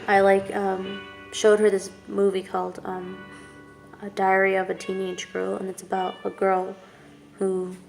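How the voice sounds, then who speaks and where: A woman telling a painful personal story to camera in a halting, candid way, with many fillers and restarts. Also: mid-range voice, monotone, creaky, darkish tone. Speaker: vlogger. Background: music playing.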